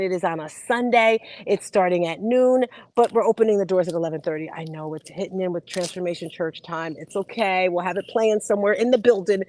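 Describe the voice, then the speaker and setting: A woman's voice: mid-range voice, a little mellow, no echo, low-quality recording. A middle-aged woman from New Jersey hosting a casual motivational talk show. She is chatty and emotional, and she drifts off topic before returning to her point. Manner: chatty and emotional, laughs often, sidetracks then returns to the point. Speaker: host and youth program founder.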